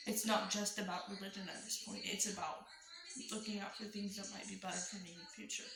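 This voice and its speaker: A woman's voice: medium pitch, little pitch movement, fairly quick, gravelly, fairly bright tone. A young adult woman telling a personal story in a casual storytime, chatty and full of "like" fillers. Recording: roomy room with faint music.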